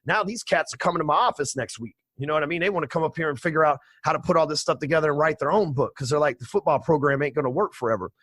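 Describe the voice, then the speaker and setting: Man, forties, brash, profane, rapid talker, dry close sound, podcast guest. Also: on the high side, a bit bright, no room sound. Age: 40s. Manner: brash, profane, streetwise bragging. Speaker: podcast guest, sales trainer. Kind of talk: casual storytelling interview.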